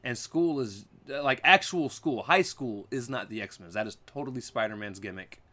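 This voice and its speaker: A man co-hosting a casual chat podcast. His voice is bright and forceful, with a middle pitch. His takes come out blunt and opinionated, with plenty of swearing. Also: animated, normal speed. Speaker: podcast co-host; parent.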